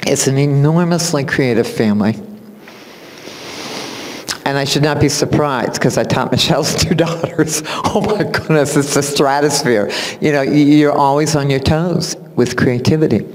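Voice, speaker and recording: A man, a music teacher, giving a spoken introduction at a recital in animated storytelling fashion, acting out what people said and laughing often. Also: fairly high pitch, normal speed. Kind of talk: spoken tribute speech at a recital. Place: recital hall. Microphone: far camera. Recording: long hall reverb from a camera.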